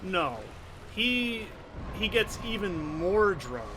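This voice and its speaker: A man's voice: high-pitched, sing-song, slow pace, background noise. Profane rambling gamer man. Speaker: let's play commentator. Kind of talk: casual gameplay commentary. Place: soundproofed home corner. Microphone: desk condenser mic.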